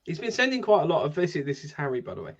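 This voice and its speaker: A man's voice: a little high, big pitch swings, rapid-fire, highs cut off. A man co-hosting a casual podcast chat, laid-back and swearing casually. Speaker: podcast co-host.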